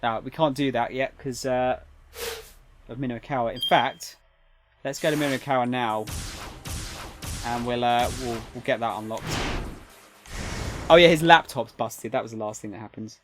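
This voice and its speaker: A man's voice: medium pitch, normal speed, long pauses, noisy background. A man with an English accent on a live game stream, reading story text aloud and chatting with viewers between passages. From England. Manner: chatty, answers chat messages between read-aloud passages.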